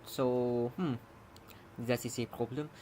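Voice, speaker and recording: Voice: medium pitch, steady tone, slow pace, warm tone, slight background noise. A programmer giving casual live-coding commentary, rambling, chuckling and muttering while debugging, with keyboard typing behind. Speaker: programmer streaming their own coding.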